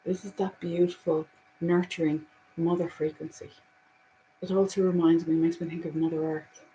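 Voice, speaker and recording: A woman's voice: lowish voice, level tone, normal speed, lo-fi sound, slight background noise. Earnest woman giving a card reading. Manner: earnest, repetitive "you know" fillers; swings between hushed and emphatic. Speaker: spiritual card reader.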